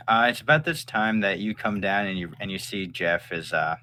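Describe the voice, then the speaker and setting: A man's voice: low-pitched, moderate pace, bright, forceful tone, a little hiss or hum. A man narrating a tabletop game as game master, loose and full of fillers.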